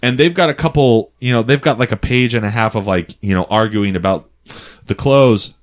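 A man telling a funny story in a casual, animated, profane way, laughing often. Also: mid-range voice, normal speed.

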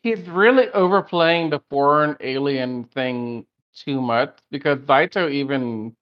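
A man's voice: mid-range voice, a little slow, clear, resonant tone, dull audio. A man co-hosting a casual review podcast, blunt and opinionated. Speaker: podcast co-host.

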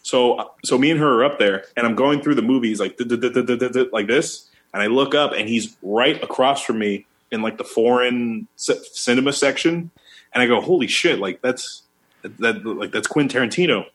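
A man's voice: mid-range voice, brisk. Male, 30s, podcast co-host, casual anecdote teller with a mid-range voice. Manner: animated storyteller, acts out quotes. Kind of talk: casual chat.

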